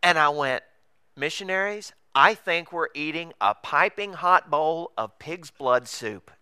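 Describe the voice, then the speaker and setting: Man, humorous sermon storytelling, bright forceful voice, smooth and clear, acts out voices. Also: on the high side, lively intonation, unhurried, no room sound.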